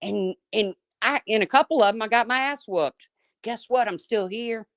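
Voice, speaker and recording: This is a middle-aged woman hosting a casual live chat, speaking bluntly and swearing freely while reading viewers' names between folksy stories. Her voice is on the high side and a bit bright, at a moderate pace, in a dry recording with clean studio sound.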